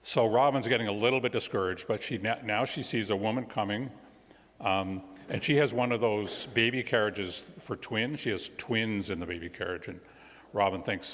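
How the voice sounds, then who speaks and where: A man who is a guest minister, telling a children's story during a church service in an animated storytelling manner with friendly asides. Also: fairly low pitch, moderate pace. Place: church sanctuary. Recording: long church reverb.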